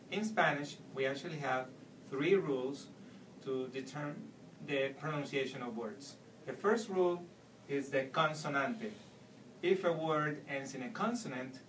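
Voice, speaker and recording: A man giving a Spanish pronunciation lesson, slowly explaining and repeating example words. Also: medium pitch, a bit bright, slight background noise. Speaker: Spanish teacher. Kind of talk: video language lesson. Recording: echoey room, mic at a distance.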